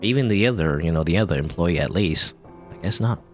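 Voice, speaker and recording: A man's voice: low voice, animated, brisk, soft background music. A man from Canada casually commenting on a video game he plays, rambling and joking. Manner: chatty, rambling, jokey. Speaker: let's play host.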